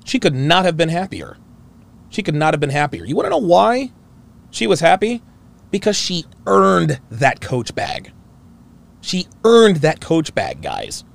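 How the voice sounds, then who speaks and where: Animated gravelly man ranting as host. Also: on the high side, measured pace. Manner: profane, emphatic, repeats phrases. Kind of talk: reaction commentary rant.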